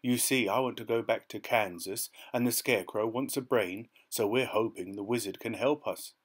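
A man's voice: fairly low pitch, normal speed, husky. A man voicing a young girl in a storybook, earnest and pleading. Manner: pleading and anxious.

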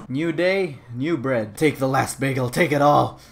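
A young man giving jokey gameplay commentary who keeps breaking into loud yelps. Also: mid-range voice, unhurried, vocal fry. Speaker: gaming video host.

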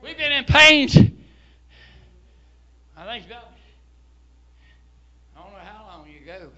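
A man, preaching a fervent sermon and often shouting hallelujah. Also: very high voice, unhurried, lo-fi sound, slight background noise. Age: 70s. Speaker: pastor.

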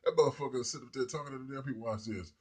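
A man's voice: mid-range voice, steady tone, racing, breathy edge. A man delivering a rambling, profane comedic rant to his viewers. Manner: profane, rambling, laughs at people. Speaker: vlogger.

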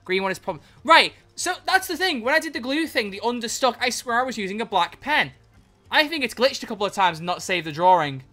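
A streamer giving excitable live commentary on a drawing game, swearing freely and breaking into loud laughter. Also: medium pitch, quick pace, faint music behind.

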